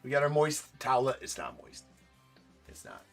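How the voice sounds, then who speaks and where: A man's voice: medium pitch, huge pitch swings, normal speed, creaky, soft background music. A man hosting a live card break stream, chatting casually and joking as he opens packs, with the odd swear.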